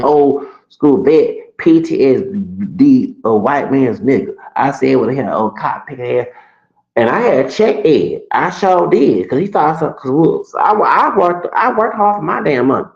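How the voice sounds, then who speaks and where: A man's voice: medium pitch, gravelly, echoey room, muffled recording. A man in his late thirties telling a personal story in a sassy, profane rant full of restarts. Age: late 30s. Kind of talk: ranting casual storytelling.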